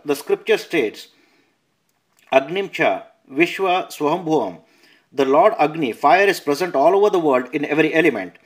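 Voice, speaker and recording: Guy narrating scripture, kinda high voice, steady careful reading. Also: breathy edge. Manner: measured reading with verse numbers and notes, some self-corrections. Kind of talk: reading a scripture translation aloud.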